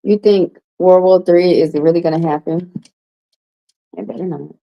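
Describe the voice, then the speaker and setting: A woman hosting a casual livestream card reading, talking loosely and profanely to viewers, her voice leaping up high when she reacts. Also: steady tone, moderate pace, muffled recording. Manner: loose, profane, chatty, talks straight to viewers.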